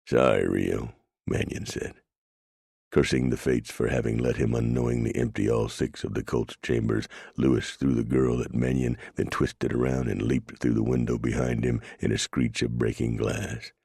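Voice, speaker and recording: Very deep gravelly male narrator. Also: little pitch movement, moderate pace, dark tone, dry recording, clean studio sound. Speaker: audiobook narrator. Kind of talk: scripted narration.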